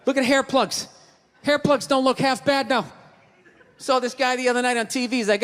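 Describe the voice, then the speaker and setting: A man doing a stand-up routine, ranting loudly and swearing a lot. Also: extremely high pitch, lively intonation, normal speed. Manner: ranting, profane, loud and emphatic. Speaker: stand-up comedian. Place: comedy stage before a live audience. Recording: live stage recording, long reverb, audience noise.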